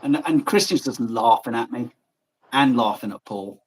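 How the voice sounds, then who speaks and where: A man from Germany hosting a casual livestream chat, animated and joking, who swears freely. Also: mid-range voice, moderate pace, slight background noise, poor audio. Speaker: livestream host.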